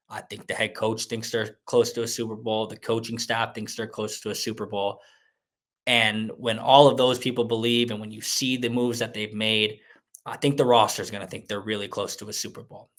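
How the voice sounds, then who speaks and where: A man's voice: fairly low pitch, fairly bright tone. A man appearing as a sports reporter guest on a podcast, making his points emphatically and repeating phrases to build them. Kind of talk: casual sports podcast chat.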